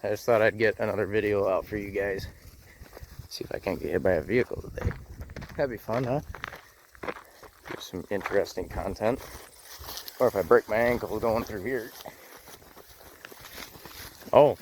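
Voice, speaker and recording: A man's voice: lowish voice, moderate pace, pauses often, darkish tone, a little hiss or hum. A man out of breath, talking casually to his viewers as he starts a farm workday, self-mocking and rambling. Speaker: farmer vlogger. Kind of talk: casual vlog narration while working. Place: outdoors on a farm, in and around a tractor.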